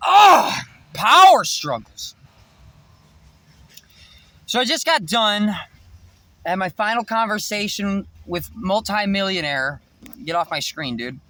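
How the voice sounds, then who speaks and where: A man ranting to camera in a rambling, profane monologue, swinging between shouting and muttering. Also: sits high, big pitch swings, slow pace, pauses often, dry recording. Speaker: vlogger.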